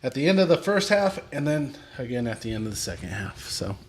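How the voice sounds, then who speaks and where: A man's voice: mid-range voice, sing-song, fairly quick. Matter-of-fact man in mid-range voice. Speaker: podcast co-host. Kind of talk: casual chat on a live sports and bourbon show.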